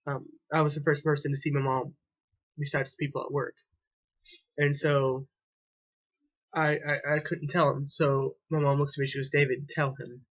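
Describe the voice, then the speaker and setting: A man's voice: fairly high pitch, little pitch movement, normal speed, long pauses. Hesitant young man on a dull recording. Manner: rambling, hesitant, many restarts and repeats. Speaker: vlogger. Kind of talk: personal storytelling to camera.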